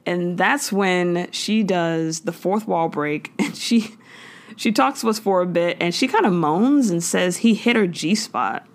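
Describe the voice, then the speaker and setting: A woman's voice: fairly low pitch, unhurried. A woman hosting a podcast, recapping a sitcom in casual, slangy chat and acting out the characters' lines. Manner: animated storytelling, slangy, acts out quotes.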